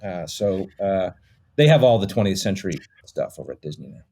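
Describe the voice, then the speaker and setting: A man and comedy filmmaker explaining backstory in a relaxed podcast chat, with many fillers. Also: low-pitched, a little fast. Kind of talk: casual podcast conversation.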